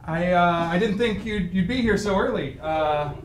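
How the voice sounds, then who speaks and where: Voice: mid-range voice, normal speed, distant mic, pitched below the performer's own voice, natural voice. An improv performer playing Sam, an awkward, hopeful would-be dancer, in a live comedy scene. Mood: earnest. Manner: bashful, stammering, then boldly determined. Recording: echoey club with audience noise.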